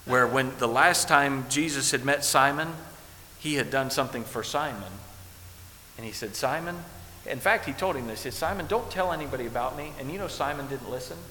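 A male pastor preaching a sermon in a church, quoting old scripture and swinging from hushed passages to loud ones. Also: mid-range voice, brisk. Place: church sanctuary. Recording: echoey hall with faint hiss.

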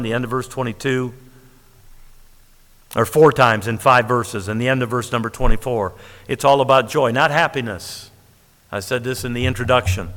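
A man preaching a sermon, emphatic and lively, stretching key words and laughing at his own points. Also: mid-range voice. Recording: long hall reverb.

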